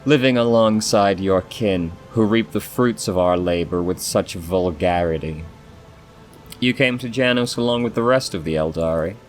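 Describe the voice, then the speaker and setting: A man reading aloud the lines of a solemn, sorrowful female elf from an ancient dying race, in a measured voice. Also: low voice, soft background music, natural voice. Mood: stern. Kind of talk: reading game dialogue aloud.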